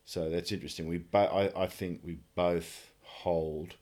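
A man with a very low, deep voice. He talks casually and reflectively, working through his ideas slowly. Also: level tone, darkish tone. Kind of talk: casual conversation.

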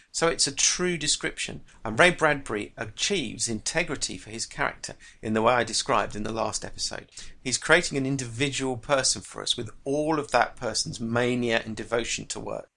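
A man hosting a podcast lesson on writing craft, explaining in a measured way. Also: medium pitch, creaky, pushed and bright. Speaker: writing teacher and podcast host.

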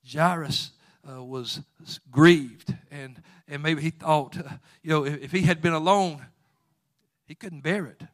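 Male preacher, slightly high voice; fervent sermon delivery, quiet retellings building to loud exhortation. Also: measured pace.

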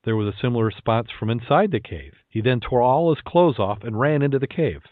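A man hosting a podcast, chatty and quick to laugh, repeating words as he goes, between casual chat and telling jokes. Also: mid-range voice, animated, no echo. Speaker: podcast host. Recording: tinny phone-like line.

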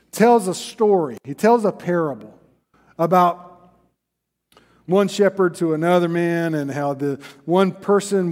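Pastor guy preaching, high voice, big echoey church hall, earnest and punchy, repeats himself for emphasis. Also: darkish tone. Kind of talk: sermon.

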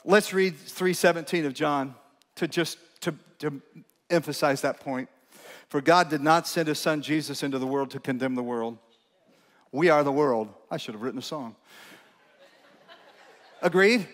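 A man's voice: on the high side, moderate pace, pauses often. A male pastor preaching a sermon in a church, talking conversationally with questions to the congregation and self-mocking humor. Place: church sanctuary. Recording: long reverb of a large church hall.

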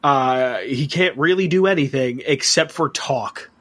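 A young man in casual podcast chat, telling tabletop game stories in an animated, profane way. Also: mid-range voice, measured pace.

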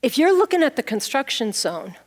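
A middle-aged woman pastor preaches a playful, storytelling sermon. Her voice sits a little high, and she jokes and laughs at her own props as she goes. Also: fairly quick. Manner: playful, animated, laughs at herself.

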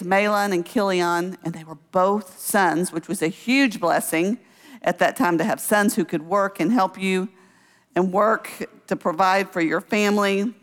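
A woman speaker at a church gathering, telling a humorous personal story with acted-out quotes before moving into Bible teaching. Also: on the low side. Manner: lively, humorous storyteller who acts out quotes. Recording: long reverb of a hall.

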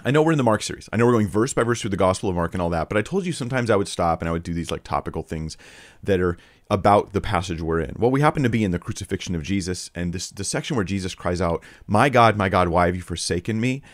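A man's voice: low voice, lively intonation, rapid-fire, no room sound, clean studio sound. A man teaching a verse-by-verse Bible series, talking earnestly and directly to his listeners.

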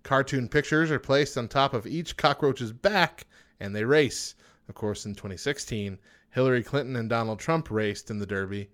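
A man's voice: mid-range voice, normal speed, fairly bright tone. Male podcast co-host, casual, jokey trivia reader who laughs often. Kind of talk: casual chat, reading facts.

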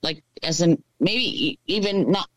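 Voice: mid-range voice, unhurried, dry recording, rough recording. A person in casual chat who keeps asking the others questions.

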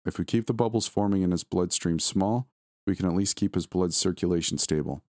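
A man voicing a calm, somber hospital doctor who speaks in a measured way, in a horror story read aloud. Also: low voice, no room sound, studio quality, lightly acted.

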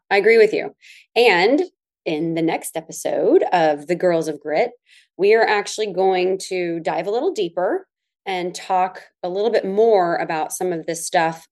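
A woman's voice: on the low side, darkish tone. A woman co-hosting a podcast, chatting and telling stories, often agreeing. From Southern US. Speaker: podcast co-host. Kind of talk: casual chat.

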